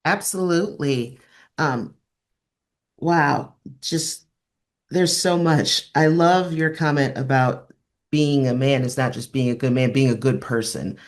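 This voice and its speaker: A man's voice: mid-range voice, takes it slowly. A man moderating a webinar over a video call, asking questions in a friendly, appreciative way.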